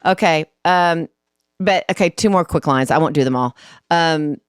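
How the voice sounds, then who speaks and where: Lively laughing woman co-host, low voice. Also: moderate pace, clear, resonant tone, dry recording, clean studio sound. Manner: enthusiastic, laughs often, rewatch notes. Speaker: podcast co-host. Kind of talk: casual chat.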